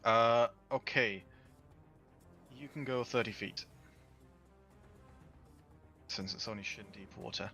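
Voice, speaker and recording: A man's voice: on the low side, slow, long pauses, bright, forceful tone, highs cut off, soft background music. A man running a tabletop game as game master, casually explaining rules with lots of fillers.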